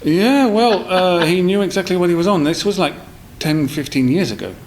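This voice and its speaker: Gravelly-voiced man telling stories. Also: high voice, expressive, normal speed, a little hiss or hum, low-quality recording. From South East London. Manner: rambling, with many fillers and restarts. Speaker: guest. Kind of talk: casual storytelling in a podcast interview.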